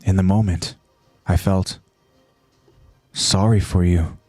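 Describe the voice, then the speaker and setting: Man voicing a quiet young soldier: lower voice, hesitant, subdued, dry close mic. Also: fairly even intonation, slow, no echo, soft background music. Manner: subdued, hesitant, low-key.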